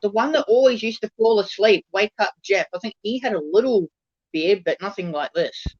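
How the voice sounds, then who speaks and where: A man's voice: high-pitched, dry recording, lo-fi sound. A man co-hosting a stream, teasing and butting in with jokes. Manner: teasing, jokey, quick to butt in. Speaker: co-host. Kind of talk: casual banter.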